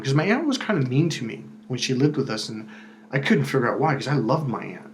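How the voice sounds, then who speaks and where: A man's voice: medium pitch, animated, fast talker, a little hiss or hum. A man giving casual spoken self-help advice, talking in a loose, conversational way, repeating words and acting out what other people said. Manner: conversational, repeats words, acts out quoted voices.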